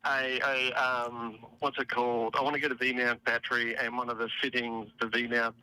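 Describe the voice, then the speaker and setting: A man's voice: mid-range voice, pushed and bright, low-quality recording. An Australian man calling into a live stream, with dry, teasing banter. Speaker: caller. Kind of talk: casual phone call-in.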